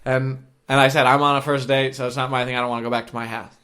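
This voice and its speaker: A man's voice: medium pitch, little pitch movement, fast, pushed and bright. A man co-hosting a podcast, telling a rambling, crude story in casual chat and laughing as he goes. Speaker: podcast co-host. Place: shared room with co-host.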